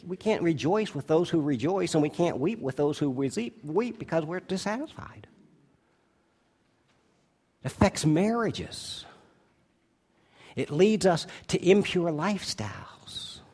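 Male pastor, sermon delivery, loud emphatic peaks and low quiet asides. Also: very animated, breathy edge. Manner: stretches key words slowly for emphasis.

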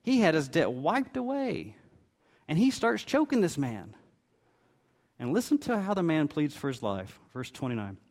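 Man, middle-aged, pastor, sermon, expressive storytelling, somewhat high voice, very animated pitch. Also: normal speed. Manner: expressive storytelling preaching, voicing the parable's characters.

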